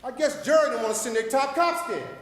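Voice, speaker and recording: Speaking quickly in a very high-pitched voice, a Paterson, New Jersey resident gives a passionate, sermon-like comment to the city council, wandering from point to point as his loudness surges and fades. Long reverb fills the echoey room.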